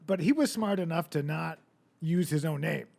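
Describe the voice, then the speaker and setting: High, gravelly-voiced joking man. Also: normal speed, darkish tone. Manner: rambling storyteller, wry and joking. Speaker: podcast co-host. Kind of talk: casual comedic chat.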